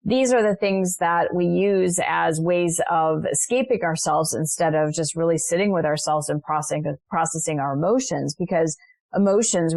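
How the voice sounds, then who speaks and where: Podcast guest: woman, middle-aged, lowish voice, dry studio sound, earnest storyteller. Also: a little mellow, no room sound. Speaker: guest, coach. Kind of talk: podcast interview.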